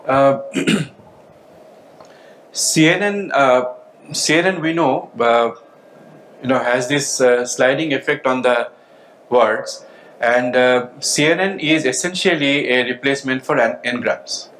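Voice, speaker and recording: A man giving a conference lecture, speaking in a measured way with frequent "okay" and "uh" fillers. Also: mid-range voice, fairly bright tone, slight background noise, low-quality recording. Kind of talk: conference talk.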